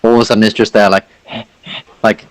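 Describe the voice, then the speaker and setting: A man's voice: lowish voice, level tone, a little fast, no echo, rough recording. A man narrating a tabletop game as game master, rambling with lots of fillers.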